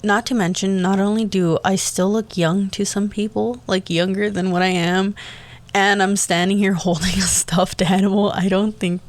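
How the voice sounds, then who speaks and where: Young male podcast host, chatty and rambling; tells stories solo with giggly asides and the odd hushed remark. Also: high-pitched, little pitch movement, normal speed. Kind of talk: casual solo podcast storytelling.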